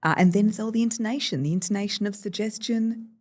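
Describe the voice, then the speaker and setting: An Australian woman, a voice coach appearing as a guest on a casual podcast interview, tells animated stories and playfully shifts her voice as she goes. She talks fast at a medium pitch.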